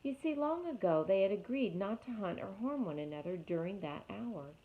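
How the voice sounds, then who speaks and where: A woman's voice: medium pitch, normal speed. Woman reading a storybook over tinny audio. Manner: expressive, addresses the young listeners. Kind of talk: storybook read-aloud.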